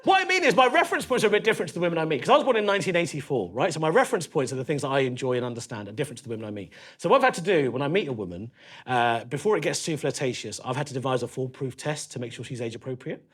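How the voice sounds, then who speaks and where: A man's voice: a little high, big pitch swings, rapid-fire, a bit bright, husky. A man in his forties with a London accent doing a stand-up comedy set in a club, with a cheeky, conversational, punchy delivery. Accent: London English. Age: 40s. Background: audience laughter.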